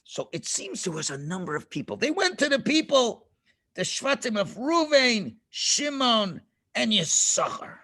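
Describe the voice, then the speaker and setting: A man's voice: very high voice, sing-song, a little slow, bright, forceful tone. A male rabbi telling a story to children with dramatic flair and frequent questions to them. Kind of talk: animated storytelling lesson.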